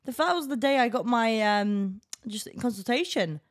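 A young woman trades playful jabs on a casual podcast and laughs often. Her voice sits on the higher side and swings a lot in pitch. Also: expressive, normal speed. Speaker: podcast co-host. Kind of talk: casual chat.

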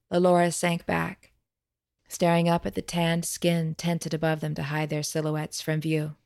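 Low, gravelly woman narrating a fantasy story. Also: completely flat delivery, measured pace, darkish tone. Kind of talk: scripted fantasy audiobook narration.

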